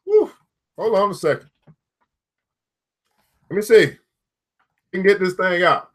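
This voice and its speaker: A man reading a book aloud to his listeners and stopping to comment, excitable and quick to whoop and laugh. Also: high-pitched. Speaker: book reader and host.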